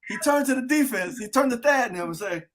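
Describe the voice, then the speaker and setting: A man hosting a sports talk show, telling animated stories to his old teammates. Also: very high-pitched, quick pace. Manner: lively storyteller acting out quotes. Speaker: host. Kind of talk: casual storytelling with old teammates.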